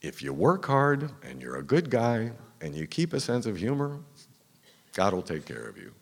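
A man quoting his father as a calm, fatherly man giving earnest advice. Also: mid-range voice, moderate pace, creaky, pitched above the performer's own voice, full character voice. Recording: long reverb of a live theater hall.

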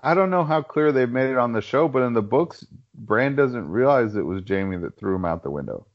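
A man's voice: medium pitch, expressive, brisk. A man in a casual podcast chat, thoughtful and hedging as he explains his view at length. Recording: dull lo-fi sound.

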